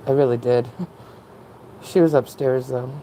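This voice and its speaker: A woman's voice: extremely low pitch, a little slow, warm tone, slight background noise, low-quality recording. A woman talking candidly in a casual, rambling personal monologue, often breaking into laughs. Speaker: vlogger.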